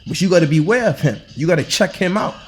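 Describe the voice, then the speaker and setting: This fast-talking man, whose voice is fairly high and expressive, preaches informally while reading scripture. His loose, colloquial delivery hectors and repeats itself, full of rhetorical questions and restarts, over a slight hiss or hum.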